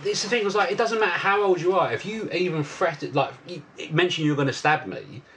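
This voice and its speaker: Fast-talking, swearing man in his fifties. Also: fairly high pitch, slight background noise. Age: 50s. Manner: swearing, animated anecdote telling. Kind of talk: casual podcast chat.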